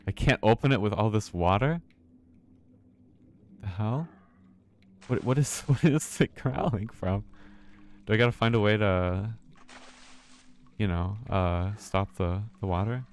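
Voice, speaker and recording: Low-voiced man muttering through a horror game. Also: unhurried, pauses often, a little hiss or hum. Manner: talks to himself, swears, laughs nervously. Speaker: streamer playing a horror game. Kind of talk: casual let's-play commentary.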